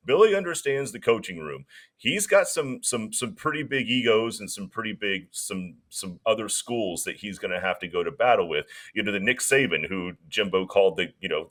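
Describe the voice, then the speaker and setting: A man's voice: fairly low pitch, fairly bright tone. A man co-hosting a casual sports podcast, laid-back and rambling as he riffs on jokes. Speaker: podcast co-host.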